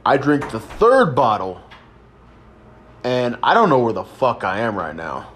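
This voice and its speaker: A man's voice: medium pitch, huge pitch swings, unhurried, fairly bright tone. A young man in his twenties telling a rambling, crude story in a casual chat. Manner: crude, rambling, laid-back. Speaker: podcast host.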